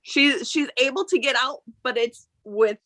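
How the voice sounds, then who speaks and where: Bright, unhurried woman game master. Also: high-pitched, poor audio. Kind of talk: running a tabletop game. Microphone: online call audio.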